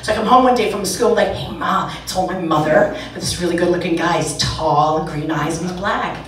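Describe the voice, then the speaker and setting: A woman from New York doing brash, animated stand-up comedy, acting out her stories. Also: on the low side, a little fast. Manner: brash, animated, acts out quotes. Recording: roomy club sound, distant mic, audience.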